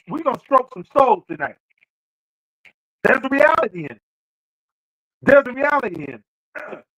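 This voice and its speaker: High-voiced man preaching motivation. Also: fairly bright tone, no echo, highs cut off. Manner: preacherly, repeats phrases for emphasis. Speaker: show host. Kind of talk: motivational talk.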